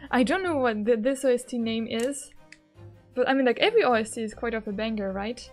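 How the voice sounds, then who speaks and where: Chatty French-accented woman streamer, high voice, giggly, faint music underneath. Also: lively intonation, brisk, darkish tone. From France. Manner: chatty, giggly, fills with "like" often. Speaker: game streamer. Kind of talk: casual gaming stream chat.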